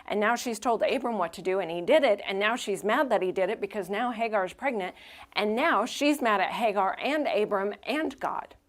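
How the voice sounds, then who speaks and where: A woman's voice: mid-range voice, normal speed. A woman pastor preaching a sermon in a church, in a casual, conversational way, acting out the people in the story as she tells it. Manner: conversational, animated retelling with acted-out quotes. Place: church sanctuary.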